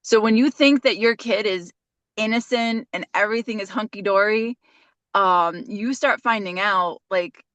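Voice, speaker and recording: A woman's voice: medium pitch, unhurried, a bit bright, no echo. Mom in her 40s rambling thru stories on a podcast, restarts a lot, dry close mic. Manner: rambling, chatty storytelling with many restarts. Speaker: podcast co-host. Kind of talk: casual chat.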